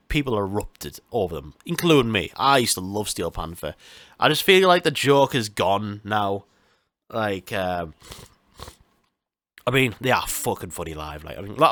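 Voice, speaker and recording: Man, podcast host, casual solo chat, sweary and rambling, bright tense voice, dry close sound. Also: on the low side, no room sound. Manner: rambling, sweary, many fillers and restarts.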